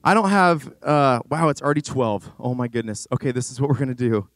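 A man preaching as a youth pastor to a congregation, energetic and animated with rambling asides. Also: medium pitch, a little fast, no room sound, faint music behind. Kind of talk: sermon. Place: church stage before a congregation.

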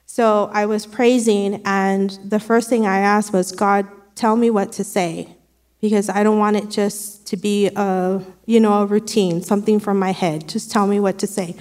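A woman's voice: medium pitch, flat delivery, measured pace, a little mellow, big-room sound. A woman sharing an earnest, conversational devotional with her church. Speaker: church speaker.

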